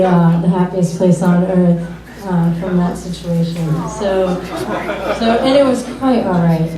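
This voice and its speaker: A young woman from Massachusetts doing a stand-up set, with a hesitant, halting delivery full of fillers, on a comedy club stage. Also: medium pitch, steady tone, mellow. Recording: roomy club sound from far off.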